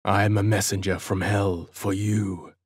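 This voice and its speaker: A man's voice: on the low side, level tone, a little slow, breathy edge, no echo, clean studio sound. A man doing a menacing cloaked swordsman. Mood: sepulchral. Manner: sepulchral, menacing. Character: fierce young male swordsman in disguise.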